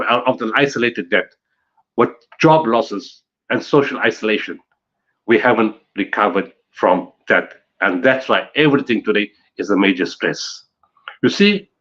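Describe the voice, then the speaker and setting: A man's voice: medium pitch, a bit bright, lo-fi sound. A man from South Africa giving an emphatic conference talk on disaster management, building his points through repetition and rhetorical questions.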